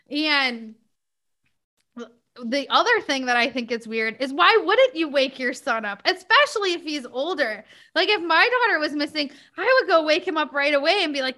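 High, bright-voiced woman chatting casually. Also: animated, normal speed. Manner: chatty, many fillers like "like" and "you know". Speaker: podcast host. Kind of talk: casual chat.

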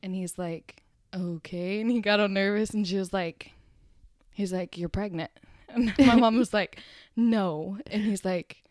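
A woman's voice: medium pitch, measured pace, dry recording. Young woman guest, chatty, acts out relatives' voices mid-story, dry close sound. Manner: animated storyteller who acts out family members' lines. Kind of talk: casual chat.

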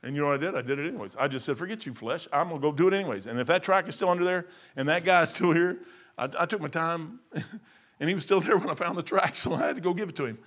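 A man's voice: fairly high pitch, quick pace, fairly bright tone. A man preaching an informal sermon in an emphatic, conversational way, often repeating and restarting his words.

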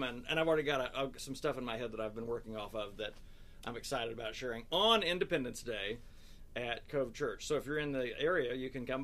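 A man in his fifties hosting a casual podcast chat, telling stories in an animated way. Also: medium pitch. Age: 50s. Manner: lively storyteller, chuckling, animated asides. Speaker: podcast host and speaker.

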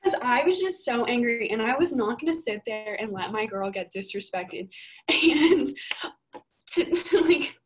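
A young woman co-hosting a casual podcast with a slightly high voice. She tells her story with emphatic energy and plenty of swearing. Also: unhurried, poor audio. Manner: animated, profane, emphatic storytelling. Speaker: podcast co-host.

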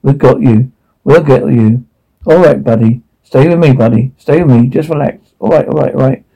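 A man voicing a paramedic calmly reassuring an injured boy. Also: mid-range voice, normal speed, gravelly, breathy edge, low-quality recording. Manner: calm, reassuring.

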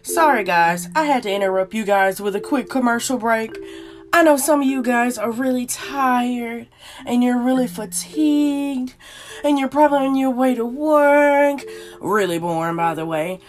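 A woman's voice: on the high side, moderate pace, faint music behind. A woman hosting her own podcast, with playful, chatty talk and story time aimed straight at her listeners. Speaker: podcast host. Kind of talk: casual chat and story time.

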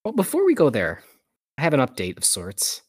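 A man's voice: medium pitch, wildly swooping pitch, fairly quick, slightly rough. A man co-hosting a casual podcast, teasing and wisecracking with his co-host. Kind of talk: casual chat.

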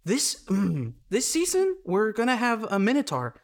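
Eager male writer pitching, high and halting, throat-clearing, a man putting him on. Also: huge pitch swings, exaggerated voice.

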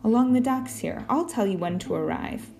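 A woman voicing a pompous, indignant gentleman who speaks in a haughty, formal way. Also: fairly high pitch, lively intonation, normal speed, creaky, soft background music.

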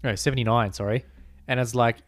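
A man with a mid-range voice chats easily as a podcast co-host. He speaks in a relaxed, understated way with drifting asides. The recording is close and dry. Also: medium pitch, brisk, no echo. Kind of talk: casual chat.

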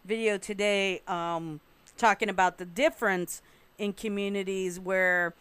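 A woman's voice: mid-range voice, steady tone, measured pace, a bit bright, smooth, no room sound. A woman in a casual group discussion, recounting events frankly and with swearing. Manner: frank storyteller, profane, recounting events at length.

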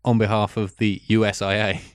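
A man's voice: on the low side, flat delivery, brisk, dry recording. A man in casual film discussion, dry and sardonic, reading out his notes. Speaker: film podcast co-host.

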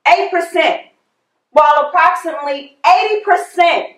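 A woman's voice: extremely high pitch, normal speed, echoey room, rough recording. A woman preaching a sermon, repeating her phrases for emphasis as she leads a prayer and tells a story.

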